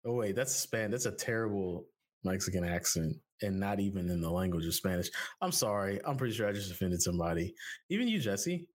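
Joking, animated male podcast host. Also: a little fast. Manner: joking, animated, big pitch swings; rambling ad reads. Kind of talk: casual podcast chat.

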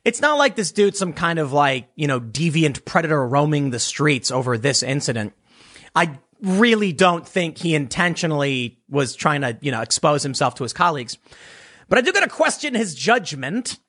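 A man's voice: on the high side, sing-song, moderate pace, fairly bright tone. A man ranting as a political commentator, sarcastic, dismissive and blunt. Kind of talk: casual opinion rant.

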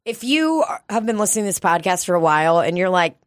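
A woman co-hosting a podcast in casual chat, swearing a lot, excitable and quick to laugh. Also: fairly low pitch, dry recording, clean studio sound. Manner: profane, excitable, laughs often. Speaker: podcast co-host.

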